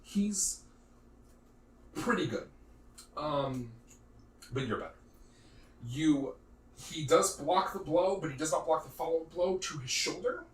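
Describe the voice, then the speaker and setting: A man narrating a tabletop game as game master, in a lively, casual way with lots of filler words. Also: a little high, unhurried, long pauses. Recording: roomy, distant mic, faint noise.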